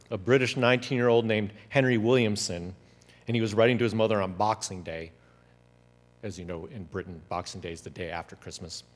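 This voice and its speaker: A man telling a story as a talk, animated and acting out the quotes. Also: on the low side. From United States. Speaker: speaker. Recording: long hall reverb.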